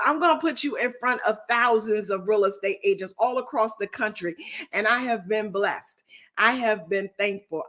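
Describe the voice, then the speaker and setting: A woman hosting a live-streamed business coaching session, talking in an energetic, unfiltered call-and-response way. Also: medium pitch. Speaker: business and success coach, host.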